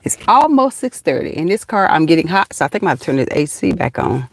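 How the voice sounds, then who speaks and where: A woman's voice: sits low, fast talker, gravelly, dry recording. A middle-aged woman with a Southern accent, hosting a casual live chat from her parked car, folksy and chatty, calling viewers honey and child. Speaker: livestream host.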